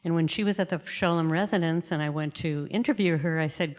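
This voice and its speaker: A low-voiced woman tells a fond, funny family story to the congregation, laughing along the way. Her voice carries through a reverberant hall. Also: brisk, few pauses. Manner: lively, laughing, mimics voices. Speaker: congregant sharing a remembrance. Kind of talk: anecdotal storytelling.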